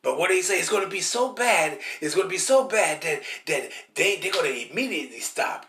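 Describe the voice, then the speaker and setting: A man preaches with insistent repetition, often stopping to restart a phrase. His voice sits high for a man. The recording has a roomy echo. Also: animated, fairly quick, a bit bright. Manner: emphatic and repetitive, keeps asking "See?"; stammers and restarts while hunting for words. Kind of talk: street-style scripture teaching.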